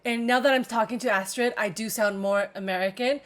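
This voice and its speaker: A woman with a somewhat high voice co-hosts a podcast. She asks eager, tumbling questions and keeps the talk light and casual. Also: fairly even intonation, brisk, a bit bright. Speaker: podcast co-host. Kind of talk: casual conversation.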